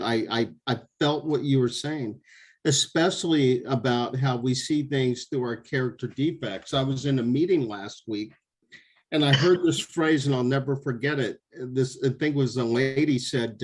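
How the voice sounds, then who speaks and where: A man giving an earnest personal share at a recovery meeting, repeating himself for emphasis. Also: mid-range voice. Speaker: meeting member sharing.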